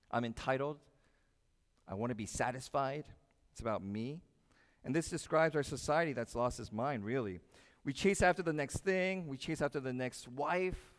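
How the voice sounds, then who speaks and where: A male pastor preaching a sermon with lively rhetorical questions, swinging between loud emphasis and quiet asides. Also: medium pitch. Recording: echoey hall with long reverb.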